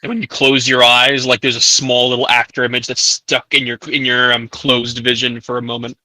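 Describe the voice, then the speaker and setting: Bright-voiced man running a tabletop game. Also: mid-range voice, little pitch movement, fairly quick, dry recording, rough recording. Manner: describes scenes, stops players to clarify. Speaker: game master.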